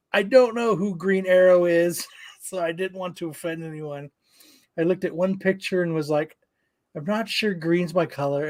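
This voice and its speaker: A man's voice: fairly high pitch, no echo. A man co-hosting a casual comic book podcast, reading news and joking with crude language. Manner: profane, joking, reads news aloud. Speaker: podcast co-host.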